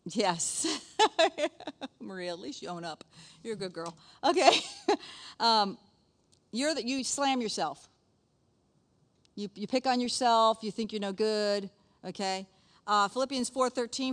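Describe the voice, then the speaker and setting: A woman's voice: on the high side, unhurried, pauses often, fairly bright tone. A middle-aged woman teaching a conversational Bible lesson in a chatty way, often checking in with her listeners.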